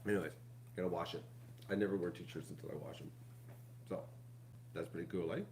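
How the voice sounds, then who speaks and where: Rambling man, low voice. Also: fairly even intonation, brisk, vocal fry, a little mellow, a little hiss or hum. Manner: rambling, repeats himself, restarts; addresses viewers as folks. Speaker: vlog host. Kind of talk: casual chat to viewers.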